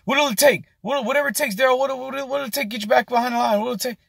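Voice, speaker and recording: A man's voice: very high-pitched, very fast, vocal fry, no room sound, clean studio sound, voice pushed up, exaggerated voice. A man voicing a panicked male restaurant manager who begs and pleads frantically. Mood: desperate pleading. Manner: begging, frantic, repeats name.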